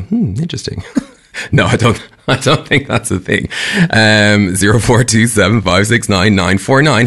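A man's voice: mid-range voice, gravelly, fairly bright tone. A man hosting a breakfast radio show, chatting casually and telling a story with frequent laughs. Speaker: radio host. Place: radio studio.

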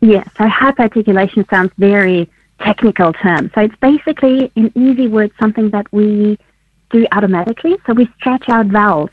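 A woman researcher interviewed on the radio over the phone, who explains things simply and laughs often. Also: medium pitch. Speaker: guest researcher. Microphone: phone line. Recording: tinny phone line on radio.

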